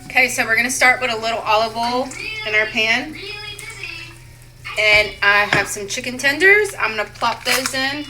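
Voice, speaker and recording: A woman's voice: fairly high pitch, normal speed, over music, low-quality recording. Chatty woman cooking at home. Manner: chatty, addresses viewers as y'all and guys. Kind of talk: casual cooking vlog. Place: home kitchen.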